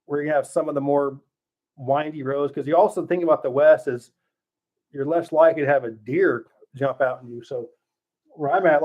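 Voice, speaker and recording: Man on a lo-fi livestream. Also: a little high. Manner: relaxed, thinking aloud with many fillers and restarts. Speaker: livestream host. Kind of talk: casual live Q&A with viewers. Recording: slightly dull lo-fi stream audio.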